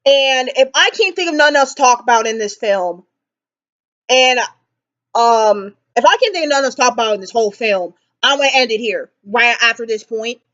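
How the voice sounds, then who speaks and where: A high-voiced young woman rants through a casual movie reaction, animated and exasperated. She leans on dramatic pauses. The sound is a little dull and lo-fi. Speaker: vlogger.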